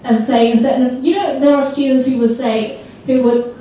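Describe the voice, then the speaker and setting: A woman presents a training seminar to teachers, lively and coaxing as she gets the room to repeat words back. Her voice sits a little high. The recording is taken from a distance in a very echoey hall. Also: normal speed, slight background noise. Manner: lively, coaxes the audience to repeat words aloud.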